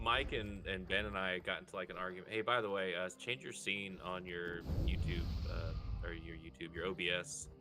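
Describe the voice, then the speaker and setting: A young man in casual chat while gaming over online voice chat, rambling through animated stories with many fillers. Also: low-pitched. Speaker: streaming co-player.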